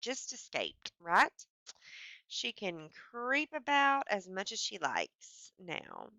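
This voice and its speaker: A woman records a literature lesson on a screencast. Her voice is bright and crisp, and the sound is dry and close. She talks through the text casually with many "um"s and reads passages aloud with lively animation. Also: mid-range voice, slow, no echo, dull audio. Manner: reads quoted passages aloud with rising animation, then explains casually with fillers. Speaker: teacher. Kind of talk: lecture screencast reading aloud from a story.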